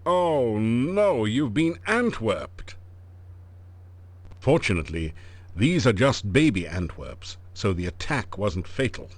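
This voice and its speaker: A wry adventure-game narrator who tells puns with mock gravity. His low voice swoops through a very lively range. The delivery is dry and knowing. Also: slow pace, no echo, soft background music, heavily acted. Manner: dry, punning, mock-grave.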